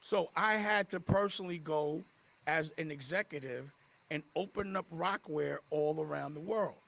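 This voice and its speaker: A man's voice: a little high, normal speed, creaky, a bit bright. A man defending himself in an interview, indignant, often repeating and restarting mid-sentence. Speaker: interviewee in a played clip. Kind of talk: heated interview talk.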